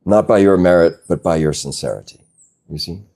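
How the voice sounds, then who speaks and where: Deep, mellow-voiced spiritual teacher. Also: male voice. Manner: slow, gentle, reflective, with soft laughs. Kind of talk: satsang talk.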